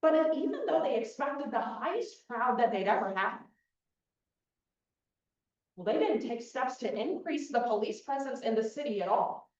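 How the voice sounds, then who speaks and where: A young woman giving a persuasive opening statement as plaintiff attorney in a mock trial, speaking in a measured way straight to the jury. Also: on the high side, lively intonation, a little mellow. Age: young adult. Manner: measured, addresses the jury directly. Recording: dull, echoey hall from far off.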